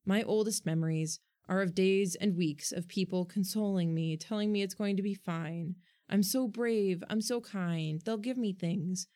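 A woman's voice: mid-range voice, moderate pace, hardly any pauses, dark tone, lightly acted. A woman voicing a wry, guarded boy in a storybook reading, close to her own voice.

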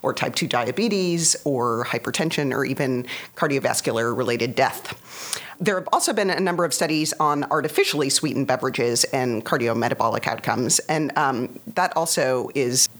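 A woman co-hosting a podcast who calmly explains research findings in a measured way. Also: very deep voice. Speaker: podcast co-host.

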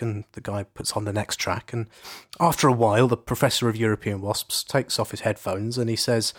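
A man's voice: medium pitch, fast. A man co-hosting a podcast, chatting casually and telling a long joke in a playful way. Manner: playful, joking. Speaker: podcast co-host.

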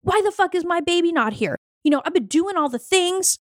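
A woman's voice: sits high, lively intonation, moderate pace, no room sound, studio quality, pitched above the performer's own voice. A woman voicing an exasperated woman who is fed up with waiting for a baby, complaining indignantly.

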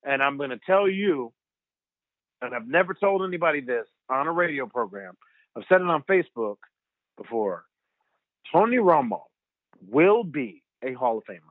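Animated man on a tinny phone line. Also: fairly high pitch, normal speed, pauses often, no echo. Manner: animated, rambling storyteller who laughs a lot. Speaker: guest. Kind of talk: phone interview storytelling.

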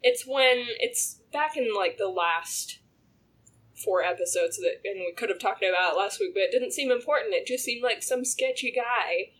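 A woman co-hosting a casual podcast chat, animated and laughing often as she talks over a TV drama. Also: medium pitch, moderate pace. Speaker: podcast co-host.

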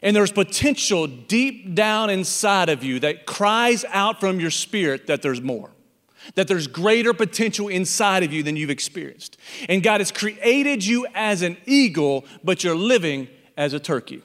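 A man's voice: high voice, lively intonation, measured pace, a bit bright, big-room sound. A man preaching a sermon, telling a parable as a pastor and acting out the animal characters in it.

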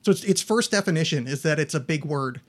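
A man's voice: a little high, expressive, quick pace. A man hosting a casual comedy podcast in a studio, joking, self-deprecating and stumbling over long words. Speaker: podcast host. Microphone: studio microphone.

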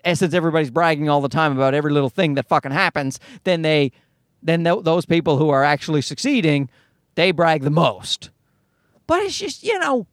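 A man's voice: high-pitched, no room sound, studio quality. A man hosting a comedy podcast, ranting in a worked-up way and swearing freely. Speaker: podcast host.

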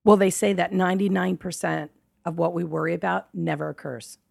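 A woman hosting a podcast in a music studio, talking in an upbeat, encouraging way with a hoarse morning voice. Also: fairly low pitch, steady tone, fairly quick, darkish tone. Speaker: podcast host. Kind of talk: casual interview chat.

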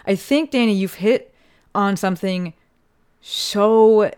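A woman's voice: medium pitch, takes it slowly, a little mellow, clean tone. A woman hosting a podcast and talking casually and earnestly, with the occasional swear word. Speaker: podcast host; physical therapist.

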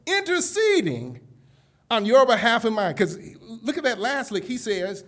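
A man preaching a keynote sermon to a live conference audience, emphatic and direct, moving from hushed asides to loud calls. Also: sits high, sing-song, moderate pace. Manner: addresses the audience directly, repeating "listen carefully".

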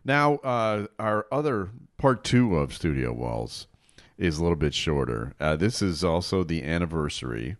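A man's voice: low voice, very animated, normal speed, no room sound, studio quality. A man hosting a podcast, upbeat and chatty, introducing guests and segments. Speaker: podcast host. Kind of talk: casual podcast chat.

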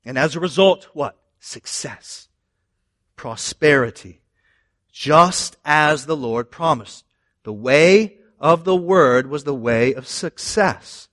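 A man preaching a sermon in an animated way, moving between loud emphasis and quiet asides. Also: on the high side, slow pace, dry recording, studio quality. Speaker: pastor.

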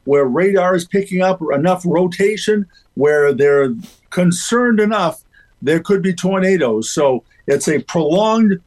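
A man's voice: sits high, expressive, a little slow, darkish tone, low-quality recording. A man giving a casual weather report on a radio show, easygoing and full of filler words. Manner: easygoing, filler-heavy delivery. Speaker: weather forecaster.

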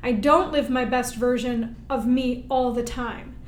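A woman guest, a military veteran, telling her story in an animated, emphatic way and often checking in with "right?". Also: a little high, unhurried, a little hiss or hum. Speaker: interview guest, military veteran and Paralympic-style powerlifter. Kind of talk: storytelling in conversation. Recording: roomy echo.

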